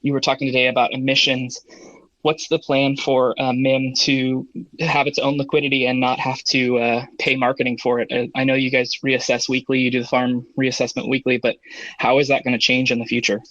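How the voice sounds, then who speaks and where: A man's voice: medium pitch, little pitch movement, brisk, a bit bright. A man from the United States asking a question in a live audio Q&A, joking and friendly but hesitant. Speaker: audience member asking a question. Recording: dull lo-fi audio.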